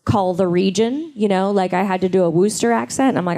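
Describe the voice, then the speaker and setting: A woman's voice: medium pitch, a little fast, dark tone. A woman answering fan questions at a convention panel, chatty and playful, telling stories. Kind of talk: casual panel Q&A.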